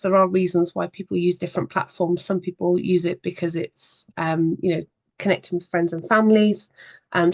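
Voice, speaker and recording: A social media marketing trainer giving an evening workshop presentation, explaining in a conversational way with frequent pauses. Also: medium pitch, no room sound.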